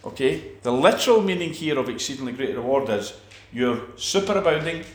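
A man's voice: medium pitch, lively intonation, a little fast, roomy sound. A man preaching a sermon, emphatic, with repeated phrases and restarts.

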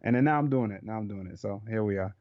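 Low-voiced laid-back fighter, dull lo-fi sound. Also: male voice, quick pace, no room sound. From Jamaica. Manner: laid-back, loose, swears casually. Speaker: professional fighter. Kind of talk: casual interview chat.

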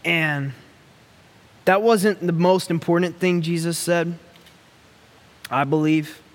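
A male preacher delivers a sermon in a slow, deliberate cadence, leaning into long pauses. His voice sits a little high for a man, and his tone is earnest and pleading. The sound rings with the long reverb of a large hall.

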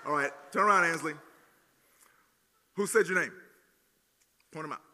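Southern guy preaching, high-ish voice, playful, echoey hall. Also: moderate pace. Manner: jokey, teasing, energetic with crowd. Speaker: pastor. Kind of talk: playful sermon with audience demo. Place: large hall at student gathering. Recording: long hall reverb.

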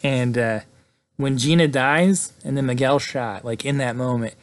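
A man giving a casual, excited movie recap, peppering his talk with "like" and "right?". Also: medium pitch, measured pace, no echo. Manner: chatty, excited, fills with "like" and "right?". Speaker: movie reviewer.

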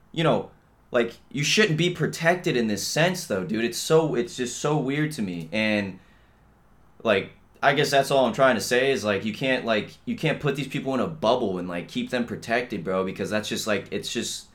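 Profane rambling young man ranting. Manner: profane, rambling, heavy on "dude" and "bro" fillers; swings between low mutters and loud outbursts. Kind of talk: casual ranting monologue.

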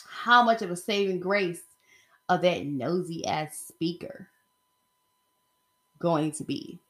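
A woman's voice: fairly low pitch, lively intonation, slow. A woman talking in a casual opinion vlog, rambling and emphatic as she speaks straight to her viewers. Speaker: vlogger.

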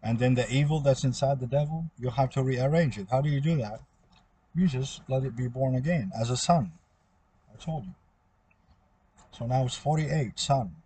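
Male speaker, husky and dark in tone, meandering solo monologue, circles back on itself. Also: mid-range voice, normal speed. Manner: meandering, repetitive, trails off. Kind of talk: rambling spoken monologue.

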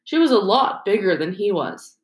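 A woman narrating an audiobook in a steady storytelling manner. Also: mid-range voice, normal speed. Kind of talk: audiobook reading. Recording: roomy echo.

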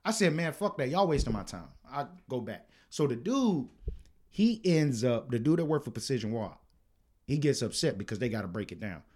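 A man co-hosting a podcast, telling a work story in casual, profane chat that turns loud and heated. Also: medium pitch, normal speed. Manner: animated, profane, gets loud and heated retelling arguments. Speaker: podcast co-host.

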